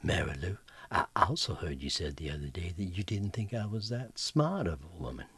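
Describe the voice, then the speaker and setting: A prim belle in a spoken joke, as a man puts her on. She speaks in a genteel drawl that sits deep in the chest and comes out husky and rough. Her manner is overly polite and easily ruffled. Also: animated, moderate pace, a bit bright, heavily acted. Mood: prim, miffed. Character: polite proper Southern belle woman, prim and touchy.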